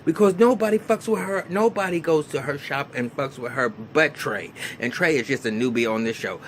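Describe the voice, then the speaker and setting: A man's voice: medium pitch, normal speed, a little hiss or hum. A man rambling through a casual recap of a reality show in a small room, repeating words and acting out quotes. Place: small hot room under a bright light.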